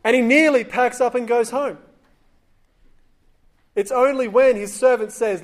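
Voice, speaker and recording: A man's voice: very high voice, a little slow, long pauses. A man giving a sermon, retelling a scripture story in a conversational way and acting out the voices of the people in it. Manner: acts out quoted voices, conversational. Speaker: preacher.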